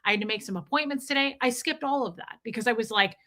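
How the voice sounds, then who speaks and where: A middle-aged woman streaming live, chatting to her viewers and telling a story with deadpan, animated quotes. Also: a little high, fast. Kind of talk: casual storytelling to a live chat.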